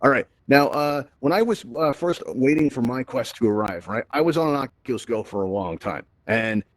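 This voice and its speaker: A man from Brooklyn hosting a live virtual reality event on a stage, animated and chatty, tagging "right?" onto nearly every point as he talks through a headset mic. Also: medium pitch, moderate pace, no room sound. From Brooklyn, New York. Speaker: host of a VR event. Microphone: VR headset microphone.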